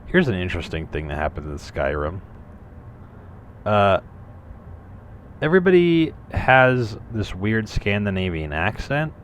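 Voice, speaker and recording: Low-voiced guy for loose, profane let's-play commentary, wandering off on tangents, faint hiss underneath. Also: big pitch swings, a little slow, long pauses. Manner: rambling, profane, jokey asides. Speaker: gameplay commentator. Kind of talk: casual gameplay commentary.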